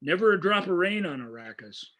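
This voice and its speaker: A man's voice: high voice, brisk. A man co-hosting a podcast, chatting casually about a film and acting out its lines with gusto. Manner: animated, acts out lines from the film. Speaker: podcast co-host. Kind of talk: casual movie discussion.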